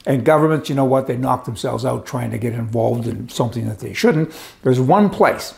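A man's voice: mid-range voice, lively intonation, moderate pace, vocal fry, darkish tone. An older man delivering a sarcastic opinion monologue, ranting and chuckling as he talks. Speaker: commentary host.

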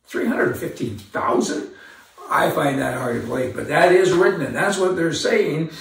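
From a distance in a very echoey room, a man with a gravelly, somewhat high voice speaks at a moderate pace. He hosts an opinionated commentary monologue, rambling and sarcastic, full of asides and repeated words.

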